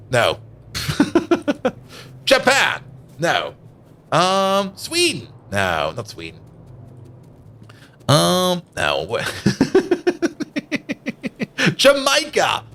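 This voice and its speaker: With a high voice and sharp tone, a man in his thirties streams a game in casual let's-play commentary. Raised in Germany and speaking with a Dutch-German accent, he thinks aloud, chats with viewers and laughs easily.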